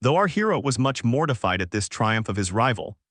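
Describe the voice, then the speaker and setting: A man narrating a classic novel in an audiobook with a steady, formal reading. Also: medium pitch, brisk, dry recording, studio quality.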